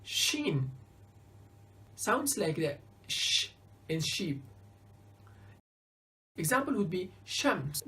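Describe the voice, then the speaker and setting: A woman's voice: lowish voice, very animated, extremely slow, pauses often, bright, forceful tone. A woman teaching a beginners' alphabet lesson, carefully sounding out each letter and example word. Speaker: Arabic teacher.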